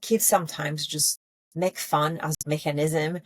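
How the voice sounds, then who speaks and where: A woman podcast host and embodiment coach speaking reflectively in a solo episode, often pausing and restarting phrases. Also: low-pitched, steady tone, no echo.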